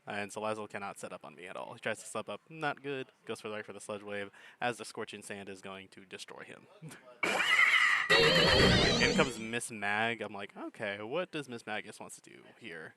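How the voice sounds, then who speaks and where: A man's voice: fairly low pitch, a little fast, over music. A man giving laid-back, chuckling commentary on a game battle, thinking his plays through aloud. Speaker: gaming commentator.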